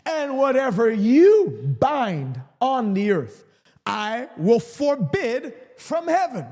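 A man's voice: high-pitched, darkish tone, big-room sound. A man preaching an emphatic live-streamed sermon, repeating key lines for emphasis.

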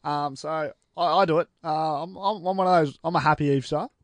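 A man's voice: a little high, fast talker, no echo. A man co-hosting a podcast in a studio, telling stories in a rambling way with lots of restarts. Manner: rambling storyteller with many restarts. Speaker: podcast co-host. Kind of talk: casual chat. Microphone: headphones on.

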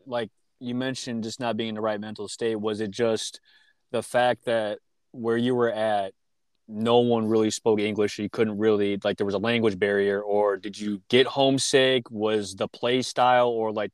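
A man's voice: fairly low pitch, no echo. A young man hosting a casual podcast, asking questions and teasing his guest with a laugh. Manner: joking, teasing interviewer, laughs a lot. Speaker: podcast host. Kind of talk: casual chat.

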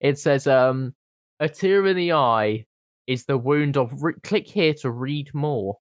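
A man's voice: medium pitch, slow pace, dry recording, studio quality. A man in casual comedic chat, joking and laughing often while reading lines aloud in mock voices.

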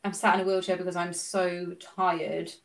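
A woman, chatty and excitable in a casual conversation, laughing often. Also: on the low side, normal speed, vocal fry, distant mic, low-quality recording. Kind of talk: casual chat. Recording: voice a little off-mic.

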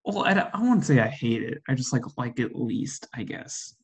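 A man chatting casually with a friend in a relaxed, easygoing way. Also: medium pitch, moderate pace, creaky. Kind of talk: casual chat.

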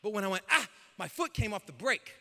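Guy pastor telling a wild story from the pulpit, high bright voice, big hall echo. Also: fast. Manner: animated, acts out dialogue with shouts. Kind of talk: storytelling sermon. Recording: long hall reverb.

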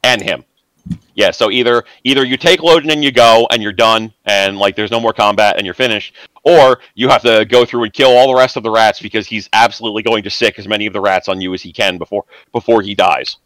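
A man narrating as game master of a tabletop role-playing game, casual and halting, with many restarts. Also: lowish voice, a bit bright, no echo, poor audio.

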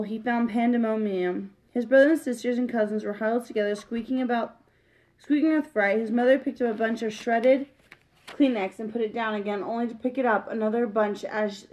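A woman reading a children's book aloud, plain and steady, with small slips. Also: fairly high pitch, a little fast, low-quality recording. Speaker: reader.

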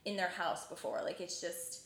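A woman's voice: on the low side, normal speed, a bit bright. Young woman, podcast co-host, casual film chat, filler-heavy, echoey room. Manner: chatty, many fillers like "like". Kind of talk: casual chat about films.

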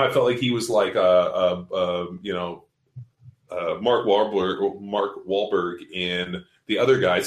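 A man's voice: lowish voice, lively intonation, unhurried, roomy sound. A man coaching fitness seminars, telling a story in casual podcast talk, blunt and profane, acting out what people said. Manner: profane, blunt, acts out quotes.

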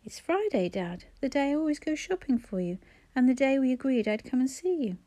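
An easygoing grown son, earnest and a little bewildered, in a novel read aloud, as a woman narrator voices him. Mellow, warm tone captured close with no room sound. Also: high-pitched, big pitch swings, a little fast, no room sound, voice pushed up. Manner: earnest, mildly confused. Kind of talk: audiobook character voice.

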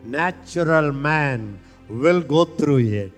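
Guy preaching, slightly high voice, slow dragged out lines, bit of music in the back. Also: expressive. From India. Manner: impassioned, leads call-and-response with slow, stretched phrases. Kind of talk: sermon.

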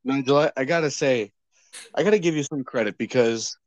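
A man co-hosting a podcast, casually critiquing a film with halting, filler-heavy talk. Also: mid-range voice, dull audio. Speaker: podcast co-host. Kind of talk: casual movie chat.

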